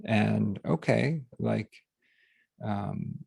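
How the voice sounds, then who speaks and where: A man hosting a group session, talking casually and haltingly, with many fillers and restarts, over a video call. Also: fairly low pitch, gravelly, a little mellow, slightly rough, no echo. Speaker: workshop host. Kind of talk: casual teaching talk to a group.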